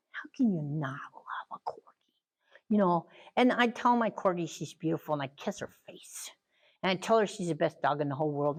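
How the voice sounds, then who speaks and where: A middle-aged woman leading a training talk for caregivers, animated and lively, acting out children and parents in quick asides. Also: on the low side, poor audio.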